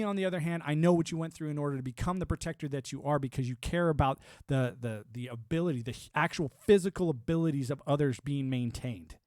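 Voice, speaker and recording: A man's voice: on the high side, a little mellow, no room sound, studio quality. A man ranting on a live stream, profane and combative, laughing often and talking like a military veteran. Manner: former military and network engineer talk. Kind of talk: casual live-stream rant.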